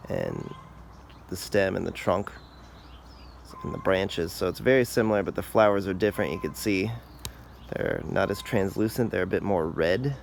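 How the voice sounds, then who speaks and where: A man hosting a casual outdoor garden tour, explaining plants in a relaxed, informal way. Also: sits low, moderate pace, gravelly, a little hiss or hum. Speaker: garden channel host.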